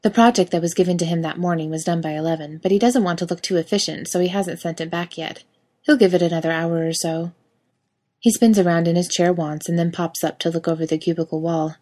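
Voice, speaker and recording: A woman's voice: lowish voice, fairly even intonation, fast talker, a little mellow. A woman narrating a story aloud in a wry, casual reading style. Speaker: reader.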